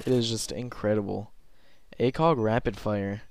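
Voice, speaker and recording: A young man giving rambling, self-conscious gameplay commentary from his bed late at night, filling pauses with lots of ums. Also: on the low side, fairly even intonation, a little mellow, slight background noise.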